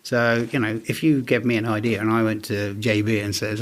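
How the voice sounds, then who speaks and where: A businessman in his forties tells his stories with animated energy. He slips into the voices of the people he quotes, keeping an easy, conversational tone throughout the interview. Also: fairly low pitch, brisk, hardly any pauses. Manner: animated anecdotes, acts out quoted dialogue. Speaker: business owner guest. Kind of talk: casual storytelling interview.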